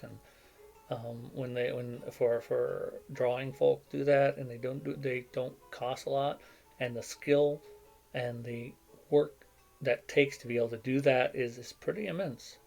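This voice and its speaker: Gravelly sick man rambling at his desk. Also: medium pitch, darkish tone. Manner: meandering, self-deprecating, many fillers. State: sick with a cough and headache. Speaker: vlogger. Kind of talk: rambling casual chat. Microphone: desk microphone.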